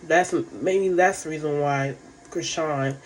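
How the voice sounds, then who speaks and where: A woman's voice: low voice, takes it slowly, a little hiss or hum. A woman giving a casual, rambling recap of a reality show, frank and profane, full of fillers.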